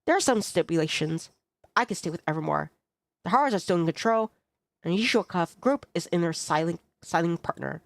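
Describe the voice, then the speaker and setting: A woman reads a young man in a romance game who speaks low and gently. His tone is remorseful and earnest, with a touch of gravel in it. The sound is close and dry. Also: animated, a little fast, no room sound. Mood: explaining. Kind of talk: reading a dating game aloud.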